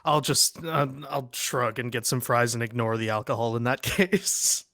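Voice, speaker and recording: A man's voice: mid-range voice, normal speed, sharp tone, no room sound, studio quality. A man playing a tabletop game, joking and stammering as he speaks. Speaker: player.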